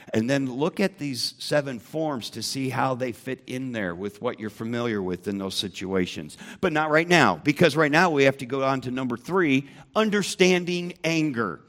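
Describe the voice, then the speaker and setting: A man's voice: medium pitch, animated, moderate pace, fairly bright tone. A man teaching a Bible lesson to a church group, emphatic and asking the room questions.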